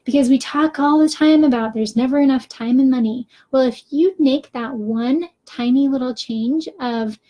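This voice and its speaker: A woman's voice: high-pitched, normal speed, hardly any pauses, mellow. A woman coaching viewers in a chatty, upbeat live video, with frequent ums and small laughs. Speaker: faith-based business coach.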